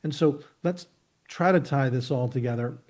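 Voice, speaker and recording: A man's voice: mid-range voice, normal speed, a little mellow. A man in his fifties, a guest on a video call, explaining his ideas through long, emphatic, rambling analogies with frequent restarts. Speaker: market technician, interview guest. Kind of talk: expansive storytelling explanation.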